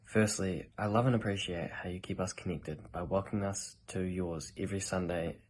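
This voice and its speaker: Nz guy with a really deep voice, soft and measured, going point by point. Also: steady tone. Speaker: grandson. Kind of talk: heartfelt family tribute message.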